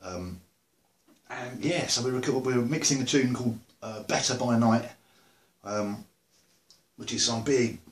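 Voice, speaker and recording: A man's voice: medium pitch, measured pace, pauses often. An English man chatting casually to camera about beer and music, rambling with dry humor. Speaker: video blogger. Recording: roomy echo.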